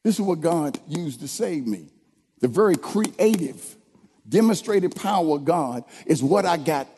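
A man preaching a sermon, leading the congregation in call-and-response and building to shouted lines. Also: a little high, animated, unhurried, slightly rough. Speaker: pastor. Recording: long hall reverb.

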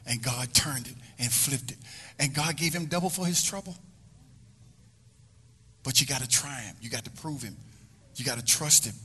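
A man's voice: medium pitch, sharp tone, long reverb tail. A male pastor preaching a sermon, emphatic and repetitive, stretching phrases out for effect.

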